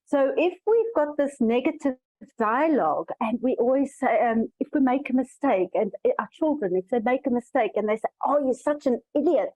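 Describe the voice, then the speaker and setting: A woman's voice: a little high, lively intonation, normal speed, darkish tone, low-quality recording. A woman coach answering a panel question in a thoughtful, earnest way, often restarting her sentences. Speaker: coach and summit speaker.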